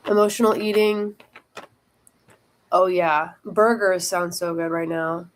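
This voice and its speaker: A woman's voice: lowish voice, fairly even intonation, slow, a little hiss or hum. Chatty woman talking art supplies. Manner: chatty, rambling. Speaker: art video creator. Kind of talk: casual tutorial chat.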